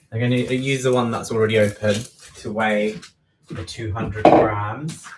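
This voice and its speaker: A man's voice: on the low side, fairly even intonation, a little slow, darkish tone, recorded from a distance. A man talks casually as he bakes, rambling along and correcting himself mid-sentence. He sits back from the mic, so his voice carries the roomy echo of a home kitchen. Faint background noise and clicks sit under his talk. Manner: rambling, self-correcting, chatty asides. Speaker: baking livestream host. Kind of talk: casual chat while baking.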